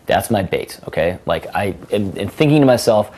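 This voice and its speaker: A young man with a somewhat low voice, giving instruction as a coach. He talks in an emphatic, conversational way and sprinkles in casual fillers. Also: animated, moderate pace, a little mellow. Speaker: dating coach. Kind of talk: instructional talk.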